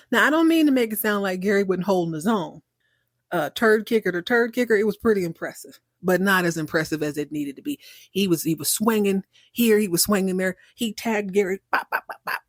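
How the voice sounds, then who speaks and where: A woman hosting a podcast, animatedly recapping a TV episode in a casual, excitable way. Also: mid-range voice, a little fast, no room sound, clean studio sound. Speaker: podcast host.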